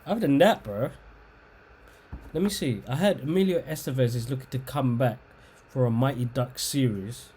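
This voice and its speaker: Male podcast host, average pitch, laid-back, casual plugs, faint background hiss. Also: normal speed, darkish tone. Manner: laid-back, brief replies, plugs socials.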